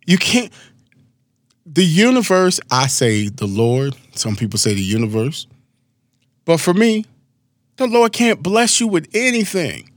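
Animated man, lively swooping pitch. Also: unhurried, long pauses, no room sound, clean studio sound. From Maryland, USA. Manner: animated, storytelling, frequent asides. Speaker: motivational speaker. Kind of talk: casual motivational talk.

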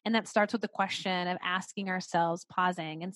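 A woman's voice: on the low side, steady tone, normal speed, a bit bright, dry recording. Earnest encouraging woman, dry sound. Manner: earnest, encouraging, repeats phrases for emphasis. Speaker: podcast guest. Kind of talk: casual conversation.

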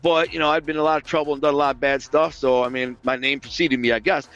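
A man's voice: a little high, steady tone, fast talker, a bit bright, highs cut off. A man casually recounting his past in a streetwise, profane way, acting out what other people said. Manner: streetwise, profane, re-enacts quoted speech. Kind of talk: casual storytelling.

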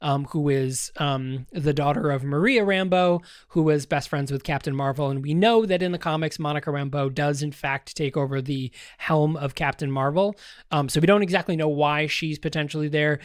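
A man's voice: on the high side, moderate pace, smooth, dry recording, clean studio sound. A man hosting a podcast, talking casually about a TV series, rambling with lots of fillers and restarts and joking straight at his listeners. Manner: addresses listeners directly, joking. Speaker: podcast host.

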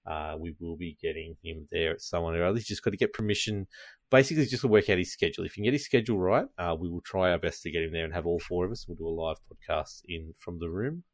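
A low-pitched man hosts a casual live podcast. He rambles in a chatty way with lots of ums, and the sound is dry and close. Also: fast talker, dry recording. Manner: chatty, rambling with many fillers. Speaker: podcast host.

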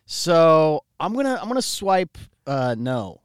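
A young man co-hosting a casual comedy podcast, trading playful deadpan one-liners. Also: on the high side, takes it slowly, clean tone, no room sound, clean studio sound. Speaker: podcast co-host, the show's dater.

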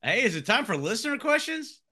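A man with a high, very bright voice co-hosts a podcast. His pitch swings widely as he reacts quickly and excitedly. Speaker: podcast co-host. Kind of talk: casual podcast chat.

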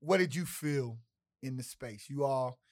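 A man's voice: medium pitch, a little slow. A man with a Chicago accent hosting a casual panel interview with lots of hype-man energy. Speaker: host.

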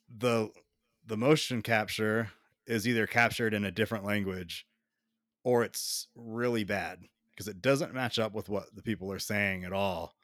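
A man with a lowish voice talks at an unhurried, drawn-out pace, griping and cursing his way through a casual podcast chat. The sound is dry and close. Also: fairly bright tone, no echo. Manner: slow, drawling, profane ranting. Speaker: podcast co-host.

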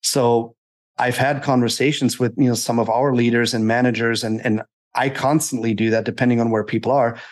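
A man's voice: mid-range voice, steady tone, fairly quick. A man who co-founded a company, speaking as an interview guest in a chatty, explanatory way with frequent fillers. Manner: conversational, explanatory, filler-heavy. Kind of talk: business interview.

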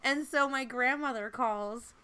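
A woman in her fifties co-hosting a podcast, telling stories in an animated, chatty way with lots of fillers. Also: sits high, measured pace, clean tone. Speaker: podcast co-host. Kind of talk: casual chat.

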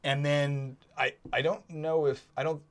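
A man's voice: a little high, level tone, unhurried. A man co-hosting a casual chat who jokes a lot and rambles, often stopping and restarting his sentences. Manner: joking, rambling, self-interrupting. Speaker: podcast co-host.

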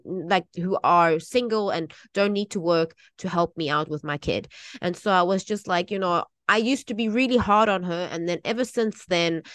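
A woman's voice: on the low side, dry recording, studio quality. A woman in her thirties talking in a casual, emotional chat, rambling with many restarts and fillers. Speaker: podcast co-host.

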